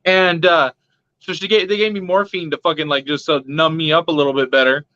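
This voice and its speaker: A man's voice: on the high side, a little fast, no echo. A young man casually telling a story, swearing a lot, laughing and acting out the voices of the people in it. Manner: profane, laughing, animated retelling with quoted voices. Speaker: pet vlogger. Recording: dull lo-fi sound.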